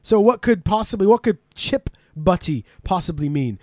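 High-voiced man hosting a podcast quiz. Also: animated, moderate pace, a little mellow, dry recording, clean studio sound. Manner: laughing, swearing, teasing quiz-giver. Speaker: podcast host. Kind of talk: casual podcast chat. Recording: remote podcast call.

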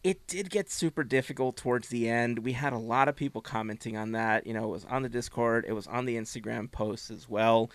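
A man hosting a casual podcast chat, relaxed and chatty, often laughing. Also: medium pitch, a little fast, few pauses, no room sound. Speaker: podcast host.

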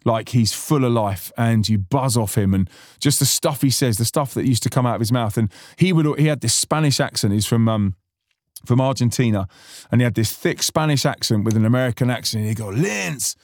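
A man's voice: mid-range voice, brisk, a little mellow, no echo, clean studio sound. A man hosting a podcast, chatting casually and earnestly, rambling with many restarts. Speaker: podcast host and musician. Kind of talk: casual reflective chat.

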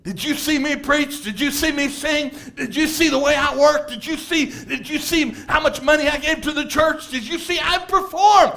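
A man's voice: high voice, animated, slow pace, fairly bright tone, full character voice. A man voicing a boastful, insecure king who brags about his deeds in a raised, pushing voice.

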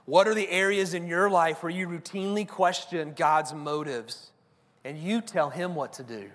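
A man's voice: on the high side, moderate pace, a bit bright. Man preaching in a reverberant hall. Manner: conversational preaching, tag questions. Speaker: pastor. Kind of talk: sermon.

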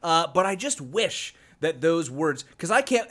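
A man's voice: on the high side, very animated, unhurried, a bit bright. An American man co-hosting a podcast, chatting casually, laughing often and swearing freely. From United States. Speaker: podcast co-host.

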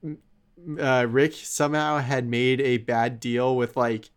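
A man's voice: mid-range voice, fairly even intonation, a little slow, smooth. A man co-hosting a casual chat, laid-back, laughing often and using many fillers. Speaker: podcast co-host.

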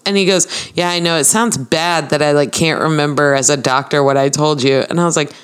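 A woman's voice: deep voice, fairly even intonation, brisk, smooth. A woman co-hosting a casual podcast, telling stories and acting out the dialogue. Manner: chatty storyteller acting out quoted dialogue. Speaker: podcast co-host. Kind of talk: casual chat, storytelling.

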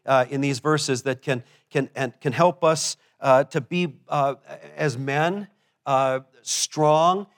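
A man's voice: mid-range voice, slow pace. Folksy man preaching with fillers. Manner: folksy, tells jokes, frequent fillers and restarts. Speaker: pastor. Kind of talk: sermon. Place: church.

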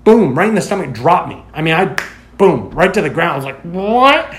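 A man in casual chat, telling a story in an animated way, filling his talk with "like" and acting out what people said. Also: fairly high pitch, fast talker, a little hiss or hum. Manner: animated storyteller, heavy use of "like", acts out quoted lines. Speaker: podcast guest telling a story.

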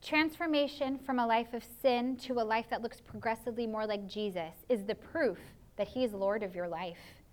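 A woman's voice: fairly high pitch, normal speed, few pauses. A woman pastor preaching a sermon in an earnest, confessional way, often slipping into spoken prayers as asides.

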